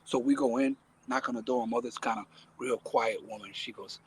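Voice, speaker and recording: A man's voice: mid-range voice, normal speed, slight background noise. A man from the Dominican Republic telling his life story as a podcast guest, acting out the people in it. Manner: lively, acts out voices in his stories. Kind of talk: animated storytelling.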